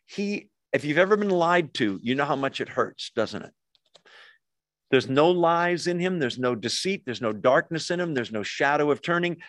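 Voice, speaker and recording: A man's voice: on the high side, a bit bright, no room sound. A man preaching a sermon in a conversational way, often putting questions to his listeners. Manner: conversational, asks the audience questions. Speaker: pastor.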